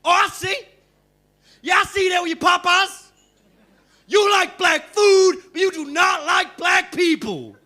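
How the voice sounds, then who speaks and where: A man voicing a cocky male mixtape hustler with an American street accent in a stand-up bit, loud and profane. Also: extremely high pitch, expressive, quick pace, heavily acted. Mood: furious. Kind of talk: stand-up comedy impression.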